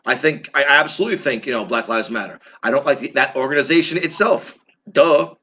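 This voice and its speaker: A man's voice: medium pitch, animated, fast talker, sharp tone, dull audio, a little hiss or hum. Blunt ranting New York man. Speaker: podcast co-host. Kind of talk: casual opinionated chat.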